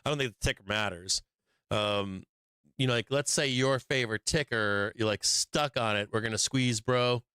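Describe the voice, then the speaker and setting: A man's voice: on the low side, moderate pace, bright, forceful tone, clear, resonant tone, no echo. A man hosting a stock market show who gives casual trading commentary in a blunt, profane, rambling way with many fillers.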